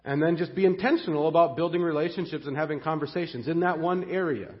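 A man preaching a sermon as pastor, earnest and excitable, often repeating the first words of a phrase as he goes. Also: fairly high pitch, fast, big-room sound, lo-fi sound.

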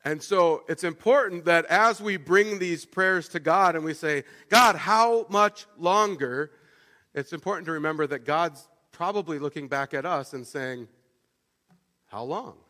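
A man's voice: on the high side, moderate pace, hardly any pauses, sharp tone, in a large hall. A male pastor giving a conversational sermon, often restarting phrases with fillers and repeated words.

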